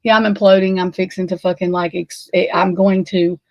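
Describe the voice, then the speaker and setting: A woman's voice: lowish voice, little pitch movement, darkish tone, dry recording, rough recording. Distraught woman, dry close sound. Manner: distraught, halting, swearing, stammering. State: shaken, close to tears. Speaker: true crime commentator. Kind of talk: emotional unscripted commentary.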